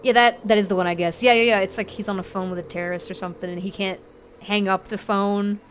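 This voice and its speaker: A woman streaming a game live, chatty and rambling, thinking out loud and easily moved. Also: mid-range voice, steady tone, fast, a little hiss or hum. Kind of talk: live gameplay commentary.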